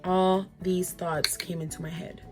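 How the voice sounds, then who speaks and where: A woman's voice: fairly low pitch, little pitch movement, measured pace, music in the background. A woman in her twenties chatting to viewers in a casual storytime vlog, full of "like" fillers. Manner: chatty, lots of "like" fillers, addresses viewers directly. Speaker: vlogger.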